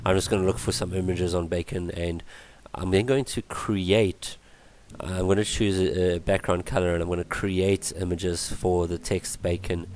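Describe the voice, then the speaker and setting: A man explaining web page coding in a screen-recorded tutorial, his voice worn from illness, halting with many ums and restarts. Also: deep voice, little pitch movement, darkish tone. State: voice going from illness. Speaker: tutorial presenter.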